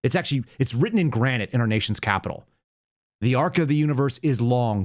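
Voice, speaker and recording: A man's voice: medium pitch, animated, fast. A man hosting a political commentary show, talking in a ranting, sarcastic way. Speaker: show host.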